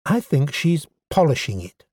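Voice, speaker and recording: Proud, eager goblin science officer, voiced by a male narrator; higher, excitable storybook voice, dry booth. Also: measured pace, no room sound. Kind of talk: audiobook character voice.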